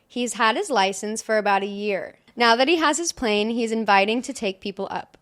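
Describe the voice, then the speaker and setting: A young woman co-hosting a casual podcast, reading stories aloud in a chatty way. Her voice sits fairly high, and she breaks into laughter often. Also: normal speed, a bit bright. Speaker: podcast co-host.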